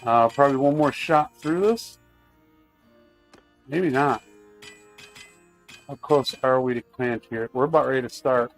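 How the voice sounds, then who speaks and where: A man's voice: mid-range voice, unhurried, pauses often, soft background music. A man streaming a video game live, chatting casually to his viewers while he plays. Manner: chatty, talks to chat while playing.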